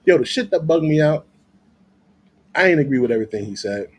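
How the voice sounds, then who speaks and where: A man's voice: on the high side, big pitch swings, quick pace, darkish tone, husky. A man giving loose, profane commentary in a vlog, laughing often as he rants. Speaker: vlogger.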